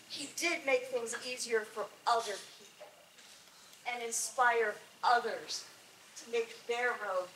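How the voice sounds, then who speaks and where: Slow, high-voiced woman giving a ceremonial speech. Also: pushed and bright. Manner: emphatic, storytelling with pauses. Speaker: speaker at a knighting-style ceremony. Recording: echoey, distant mic, faint noise.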